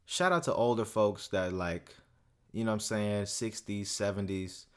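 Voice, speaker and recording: A man's voice: on the low side, fairly even intonation, normal speed, clear, resonant tone. A young man hosting a solo podcast, ranting casually in a profane, swaggering, rambling way. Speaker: podcast host.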